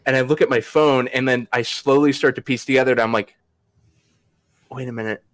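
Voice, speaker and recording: A man's voice: medium pitch, fairly even intonation, fast. Rambling, swearing young man telling a story. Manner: rambling, laughs often, swears freely. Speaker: podcast host. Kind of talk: casual storytelling chat.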